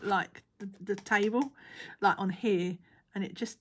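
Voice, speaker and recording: A woman's voice: mid-range voice, steady tone, measured pace, fairly bright tone. A woman chatting casually as she works on a craft, mumbling and half-whispering to herself. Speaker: crafting vlogger. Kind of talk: casual chat while crafting.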